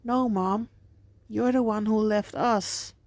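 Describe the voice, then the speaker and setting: A woman's voice: medium pitch, fairly even intonation, takes it slowly, a little mellow, dry recording. A woman voicing young children who speak in an earnest, reassuring way.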